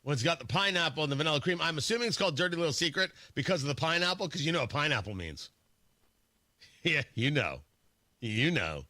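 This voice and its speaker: A man's voice: on the high side, animated, racing, hardly any pauses, bright, forceful tone, dry recording. A male radio host in a studio, talking in a casual, wry, rambling way with many stammered restarts. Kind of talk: casual morning radio talk.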